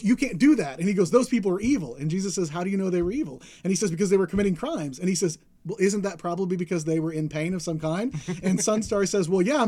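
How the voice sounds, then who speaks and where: A man's voice: high voice, warm tone. A young adult man, a podcast co-host, chatting casually about comic books and retelling a story with enthusiasm, briefly acting out the characters. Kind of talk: casual comic book chat.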